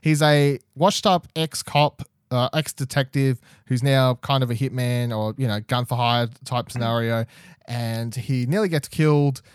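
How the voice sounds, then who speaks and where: A man's voice: mid-range voice, fairly even intonation, moderate pace, clean tone, dry recording, studio quality. A man hosting a podcast in casual, chatty talk, often laughing. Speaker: podcast host.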